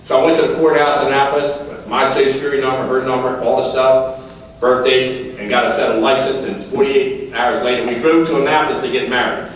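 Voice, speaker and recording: A man's voice: mid-range voice, little pitch movement, fast talker, slight background noise. An older man telling folksy stories at a recovery meeting, repeating phrases and chuckling as he goes. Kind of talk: storytelling speaker's talk at a meeting. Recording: very echoey hall, heard from far off.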